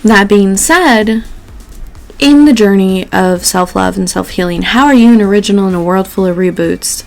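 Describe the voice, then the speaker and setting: A woman's voice: mid-range voice, normal speed, soft background music. A Mexican woman hosting a casual vlog, chatting while doing her makeup. She talks chattily, swears often, laughs a lot and mixes in Spanish words. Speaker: host and tarot reader.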